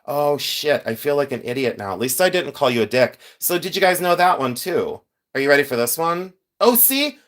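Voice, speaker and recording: A man's voice: a little high, big pitch swings, normal speed, fairly bright tone. A man hosting a casual livestream, chatting with viewers, greeting them by name and laughing often as he talks. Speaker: livestream host sorting jewelry.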